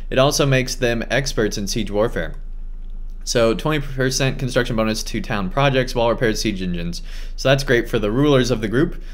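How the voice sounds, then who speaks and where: A man giving casual let's-play commentary as a gaming host, excited and chatty with many fillers. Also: mid-range voice, normal speed. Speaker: gaming YouTuber.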